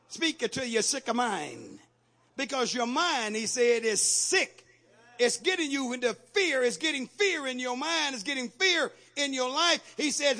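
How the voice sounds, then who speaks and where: A male pastor preaching a sermon in a high, bright voice. His tone is gravelly and raspy. He works the congregation with call-and-response, swinging between quiet teaching and loud shouted exhortation. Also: expressive, moderate pace.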